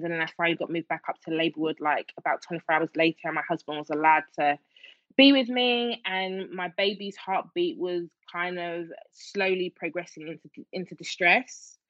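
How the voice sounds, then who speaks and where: A woman's voice: fairly low pitch, fairly even intonation, moderate pace, dry recording. A woman telling a personal story as an interview guest, emotional, with many fillers and restarts. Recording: dull dry lo-fi sound.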